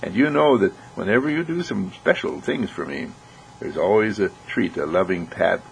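A man's voice: deep voice, lively intonation, moderate pace, creaky, a little hiss or hum, poor audio. A man doing a soothing horse trainer. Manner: soothing, tender, hushed. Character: calm, loving horse trainer talking to his horse.

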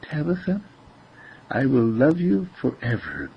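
A man voicing a sweet five-year-old girl who whispers secrets, in a soft hushed whispered role-play on a dull lo-fi recording. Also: on the low side, sing-song, takes it slowly, creaky, breathy edge, exaggerated voice. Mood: tender whisper.

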